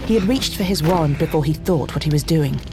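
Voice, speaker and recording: A narrator reading a novel aloud at a middling pitch, steady and expressive. Faint music sits underneath. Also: fairly quick. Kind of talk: audiobook reading.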